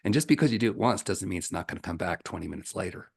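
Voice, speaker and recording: Gravelly, husky spiritual coach. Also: male voice, deep voice, racing. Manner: animated storytelling, laughs often. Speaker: ascension coach. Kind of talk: spiritual teaching Q&A.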